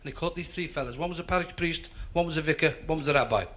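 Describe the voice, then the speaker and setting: A man with a Liverpool accent doing stand-up, telling quick gags and putting on stuttering voices for the characters. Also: on the high side, fairly bright tone. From Liverpool, England. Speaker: stand-up comedian. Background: audience laughter.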